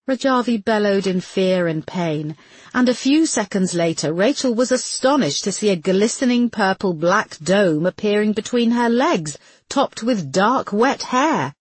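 A woman's voice: mid-range voice, expressive, a little slow, husky, no room sound. A woman reading an audiobook as its narrator in dramatic, scripted storytelling.

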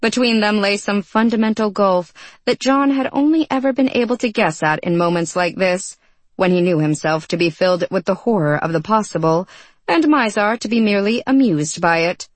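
A woman reading a fantasy novel aloud in measured, even storytelling. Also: mid-range voice, dry recording. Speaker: narrator. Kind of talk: scripted audiobook narration.

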